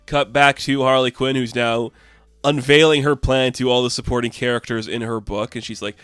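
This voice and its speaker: A man's voice: medium pitch, steady tone, moderate pace, fairly bright tone, smooth, no echo, soft background music. A man casually recapping a comic book, with laughs and loose fillers.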